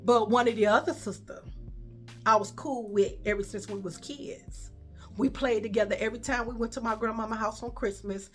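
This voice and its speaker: A woman tells a long casual story, looping back on phrases and talking straight to her viewers. Her voice sits a little high. Soft music plays quietly in the background. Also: steady tone, moderate pace. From Chicago. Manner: chatty, repetitive, addresses viewers as y'all and baby. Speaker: vlogger telling a story.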